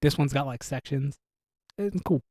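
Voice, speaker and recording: A man co-hosting a casual movie review podcast, giving quick, eager opinions. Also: medium pitch, dark tone, dry recording, clean studio sound. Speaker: podcast co-host.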